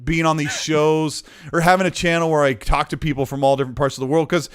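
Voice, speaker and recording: A man's voice: fairly high pitch, flat delivery, fast talker, smooth. A man co-hosting a gaming podcast, chatting casually and reading out viewer comments. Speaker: podcast co-host.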